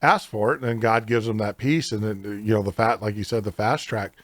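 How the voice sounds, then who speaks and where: A man's voice: lowish voice, fairly even intonation, brisk, no echo. A man hosting a casual interview, rambling and thinking aloud as he talks. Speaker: podcast host.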